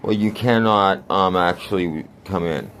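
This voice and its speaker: A man's voice: deep voice, unhurried, a bit bright, a little hiss or hum. A man voicing a polite, fussy door attendant checking photo ID. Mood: prim. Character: polite fussy adult casino door staff.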